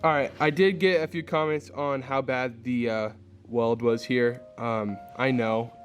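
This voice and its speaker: A young man casually narrating his DIY vlog, relaxed and rambling, with lots of fillers. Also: mid-range voice, a little slow, slight background noise. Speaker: DIY vlogger.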